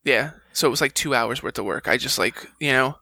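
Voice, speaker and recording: Gravelly, bright-voiced man telling a story. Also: medium pitch, a little fast, no room sound, low-quality recording. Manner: animated, acts out quoted dialogue. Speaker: guest, game voice actor. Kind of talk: casual storytelling.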